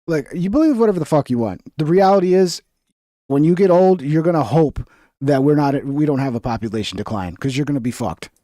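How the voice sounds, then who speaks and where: A man's voice: on the high side, animated, a little fast, dark tone, no room sound, clean studio sound. A man hosting a stream, giving blunt, profane reaction commentary in a ranting way. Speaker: streamer host.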